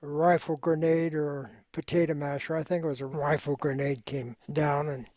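An older man, a war veteran, speaking in an oral history interview in a measured, reflective way with frequent pauses and fillers. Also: on the high side, little pitch movement, darkish tone, no echo.

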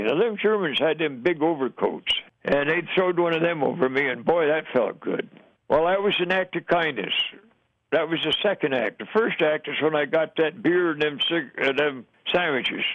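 An older American man recounts his own stories in a folksy, plainspoken way, chuckling now and then. His voice sits fairly high for a man. The recording is dull and lo-fi, and dry. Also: dry recording. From United States. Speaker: veteran interviewee. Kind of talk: oral history storytelling.

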